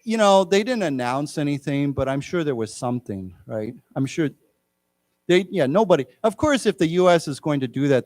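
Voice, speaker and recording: A middle-aged man leading a casual English lesson, chatting and rambling, with animated quoted voices. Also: mid-range voice, no echo. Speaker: English teacher. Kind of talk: casual classroom lecture. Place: lecture room.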